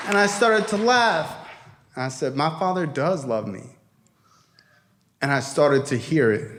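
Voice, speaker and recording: A man with a high-pitched voice tells his recovery story to a convention crowd. He talks in a raw, blunt way, swears freely, and pushes some lines up to a shout. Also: expressive, unhurried, long pauses, background noise. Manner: raw, profane, emphatic storytelling with shouted peaks. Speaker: recovery speaker. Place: convention hall before an audience.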